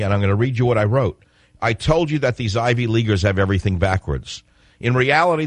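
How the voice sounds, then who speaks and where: A man's voice: lowish voice, no room sound. A man hosting a political radio talk show, speaking in an emphatic monologue that repeats and stresses key phrases.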